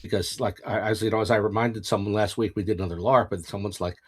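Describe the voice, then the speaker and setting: A man's voice: fairly low pitch, fairly even intonation, fast, breathy edge. A man, a player in a tabletop game, chatting in a dry, matter-of-fact way. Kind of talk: casual chat.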